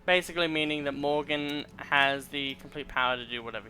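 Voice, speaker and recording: A man's voice: a little high, brisk, pushed and bright, faint music behind. A young man giving casual commentary while he plays a game, rambling and reading in-game text aloud with stumbles. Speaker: gameplay streamer.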